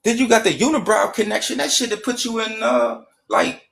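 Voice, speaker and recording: A man's voice: high voice, sing-song, a little fast, gravelly, a bit bright, slight background noise. A man in a heated casual rant, profane and emphatic. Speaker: streamer.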